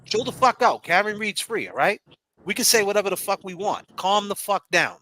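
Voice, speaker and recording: A man's voice: sits high, big pitch swings, fairly quick, bright, forceful tone. A man hosting a livestream, talking in a heated, profane, riffing way and taunting mockingly. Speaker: livestream host. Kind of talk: casual heated chat.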